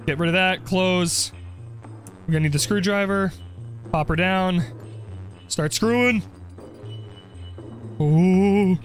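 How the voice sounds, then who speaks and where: A young man commenting on his game play, joking and getting excited as he goes. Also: high voice, slow pace, pauses often, faint music behind. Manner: jokey, excitable, role-plays as the character. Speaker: gaming video creator.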